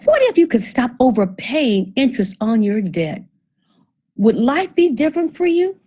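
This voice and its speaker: A woman's voice: high-pitched, very animated, moderate pace, warm tone, breathy edge, poor audio. Lady presenter going over debt numbers one by one, asks the room questions, bit of dry sarcasm. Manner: talks through figures step by step, asks the audience questions. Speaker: financial presenter. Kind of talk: seminar presentation.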